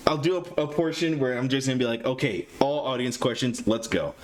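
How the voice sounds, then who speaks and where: A live-stream host who is interviewing a voice actor fills the gaps between segments by chatting with his viewers, nervously laughing and putting himself down in a jittery way. His voice is on the high side and a little fast.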